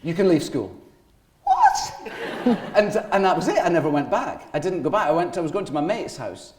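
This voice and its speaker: A man's voice: on the high side, quick pace, echoey room, noisy background. A Scottish man in his forties, a guest actor telling rambling anecdotes on stage in an interview before a live audience. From Scotland. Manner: animated rambling anecdotes with laughter.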